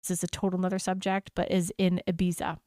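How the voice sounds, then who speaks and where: A woman's voice: fairly low pitch, monotone, quick pace, mellow, clear, resonant tone, no echo, studio quality. An American woman hosting a travel podcast, telling an enthusiastic, gushing story in a casual chat.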